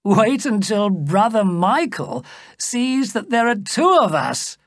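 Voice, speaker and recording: A woman voicing a carefree young king who is loud and fond of wine, in hearty, jovial exclamations. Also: fairly low pitch, very animated, slow, dry recording, clean studio sound, full character voice. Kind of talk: storybook character voice.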